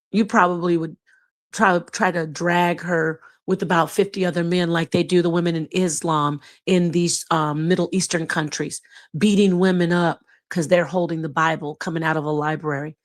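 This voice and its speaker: Middle-aged woman host, blunt and sassy, reads chat with animated outbursts. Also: lowish voice, normal speed. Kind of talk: livestream commentary reading chat.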